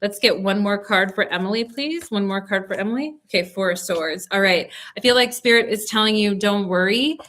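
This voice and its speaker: A young woman with a bright, clear voice reads tarot cards live for her viewers. She talks in a soothing, reassuring way and keeps checking in with them as she goes. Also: mid-range voice, fairly quick, hardly any pauses. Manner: soothing, reassuring, lots of "okay?" check-ins. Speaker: tarot reader. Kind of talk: live-stream tarot reading.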